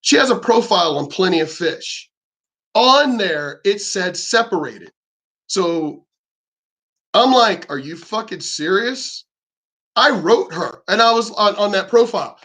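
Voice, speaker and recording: Male vlogger, high voice, angry profane rant with stammered restarts. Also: expressive, a little slow, bright, forceful tone. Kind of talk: angry ranting monologue.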